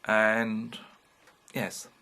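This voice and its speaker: Gravelly British man in his fifties. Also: fairly low pitch, monotone, extremely slow, sharp tone. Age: 50s. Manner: frank, rambling, swears casually. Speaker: vlogger. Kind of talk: candid personal vlog monologue.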